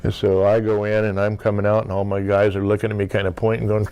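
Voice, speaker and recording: Gravelly older man telling a story. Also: fairly low pitch, monotone, fast talker, a little mellow. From United States. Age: 60s. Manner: rambling anecdotes full of "you know", acting out dialogue. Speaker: interview guest. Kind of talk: casual storytelling interview.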